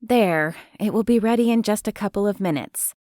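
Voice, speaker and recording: A woman's voice: medium pitch, moderate pace, warm tone, dry recording, studio quality, lightly acted. A woman narrator voicing a sweet, easily flustered young woman in an audiobook. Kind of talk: audiobook character voice.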